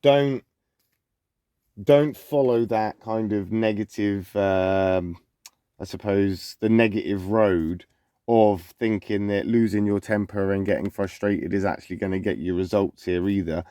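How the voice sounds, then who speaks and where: A man's voice: on the low side, fairly even intonation, a little slow, dark tone, no echo, clean studio sound. A man hosting a zodiac reading channel, speaking loosely and conversationally, often restarting and repeating phrases. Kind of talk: casual zodiac forecast reading.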